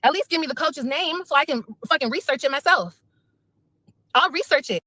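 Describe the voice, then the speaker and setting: A woman's voice: high voice, animated, brisk, sharp tone, no room sound. A woman venting on a livestream, repeating herself in a frustrated, emotional rant. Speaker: mother speaking on a livestream.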